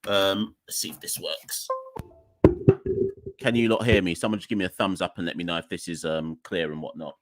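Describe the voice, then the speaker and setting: A man's voice: deep voice, fairly even intonation, normal speed, soft background music. Guy hosting a live podcast from home, chatty, rambling, kinda drained and fed up. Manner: chatty, rambling, laughing and exasperated. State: low energy, emotional. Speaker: podcast host. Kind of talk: casual live-stream chat. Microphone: desk microphone, unplugged at first.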